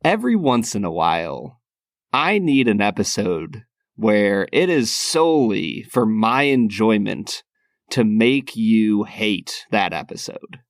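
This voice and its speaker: A man's voice: on the low side, sing-song, slow, dry recording, studio quality. A man co-hosting a podcast in casual chat, teasing his friend with wry humor and frequent laughs. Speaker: podcast co-host.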